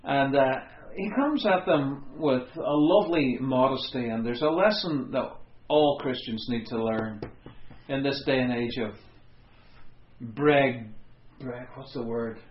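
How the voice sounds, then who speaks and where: A man's voice: medium pitch, unhurried, dull audio. Conversational man preaching in an echoey hall. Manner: conversational, wry asides. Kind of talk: expository sermon.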